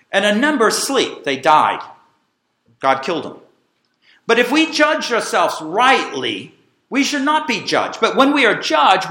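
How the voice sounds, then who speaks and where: A middle-aged man delivers a sermon as pastor, his voice high and bright. He preaches with animated, emphatic swings and draws the congregation into call-and-response. The room around him rings with echo. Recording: echoey room.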